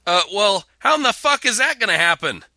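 A man co-hosting a podcast, sarcastic and swearing freely. His voice is sharp and very bright, and his pitch moves up and down a lot. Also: big pitch swings, brisk, vocal fry. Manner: sarcastic, profane, reads quotes aloud. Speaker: podcast co-host. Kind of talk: casual comedic chat.

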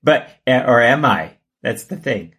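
A man co-hosting a podcast in casual comedic chat, joking and laughing, often jumping into a high exaggerated pitch. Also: expressive, slow, sharp tone. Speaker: podcast co-host.

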